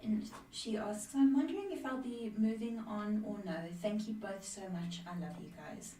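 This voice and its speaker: A woman's voice: medium pitch, moderate pace, dark tone, far from the mic. A woman reading questions from across an echoey room. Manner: apologetic, giggly banter. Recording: echoey room, off-mic, faint noise.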